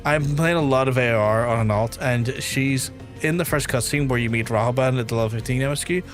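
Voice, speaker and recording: A young man chatting through a game stream, his talk rambling and animated, with faint music underneath. His voice sits at a medium pitch. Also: a little fast. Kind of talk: casual let's-play chat.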